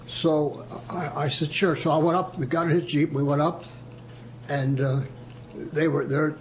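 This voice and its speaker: Older man reminiscing, somewhat high voice. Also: level tone, unhurried, slight background noise. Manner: storyteller who acts out quoted voices and chuckles. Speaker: veteran interviewee. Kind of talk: casual reminiscing.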